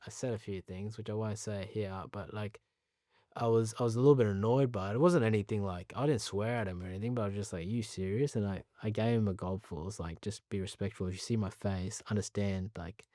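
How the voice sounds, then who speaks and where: A man in his thirties with an Australian accent, a guest telling relaxed stories with frequent laughs. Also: on the low side, quick pace, no room sound, studio quality. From Pakistan. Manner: relaxed anecdotes, laughs often, restarts. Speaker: interview guest, cricketer. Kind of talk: casual storytelling.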